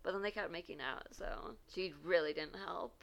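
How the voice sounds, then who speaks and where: A young woman co-hosting a podcast, telling a dating story in an animated way, laughing and acting out quotes. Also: on the low side, normal speed, creaky. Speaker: podcast co-host. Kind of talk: casual storytelling chat.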